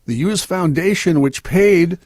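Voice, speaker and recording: Male news reader, slightly husky, dry close studio mic, steady measured delivery. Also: high-pitched, no echo. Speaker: news reader on a radio show. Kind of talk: reading news items on talk radio.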